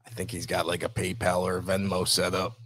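A man's voice: low-pitched, monotone, brisk, a bit bright, no room sound. A man co-hosting a comedy livestream, chatting in a casual, easygoing way. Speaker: co-host.

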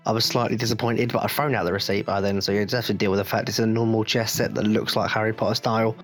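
A man's voice: lowish voice, little pitch movement, quick pace, faint music behind. A man with an English accent, hosting a podcast in a blunt, jokey rant with free swearing. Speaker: podcast host. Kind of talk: casual rant.

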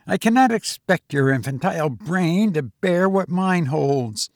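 A man's voice: sits high, expressive, a little slow, no echo, studio quality. A man reading as a raving ageless sorcerer. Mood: raving, contemptuous. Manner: grandiose, ranting. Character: ancient raving male sorcerer, arrogant and scornful.

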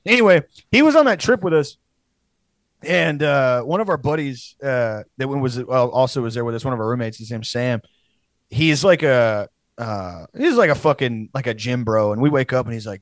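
A man's voice: mid-range voice, lively intonation, brisk, dry recording. A young man in his twenties, a comedian, telling a rambling, profane story in casual chat, jumping into friends' voices as he quotes them.

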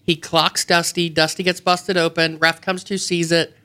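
A woman guest on a radio show, telling animated, self-mocking childhood stories in a casual way. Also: lowish voice, moderate pace. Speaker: guest, wrestling personality. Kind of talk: casual storytelling. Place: radio studio.

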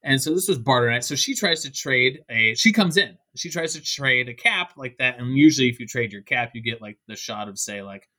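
A man telling a lively bar anecdote as a podcast guest, acting out the quotes of the people in it. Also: medium pitch, a little fast, hardly any pauses. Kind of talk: animated storytelling.

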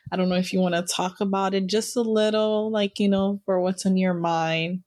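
A woman co-hosts a podcast in easygoing casual chat. She is playful and laughs easily, with a mid-range pitch. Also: fairly even intonation, moderate pace, a little mellow. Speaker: podcast co-host.

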